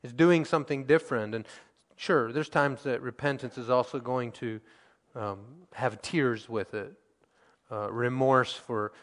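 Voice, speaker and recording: In a large hall, a man with a mid-range voice preaches, reading from scripture and dramatizing quotes as his volume shifts between forceful and soft.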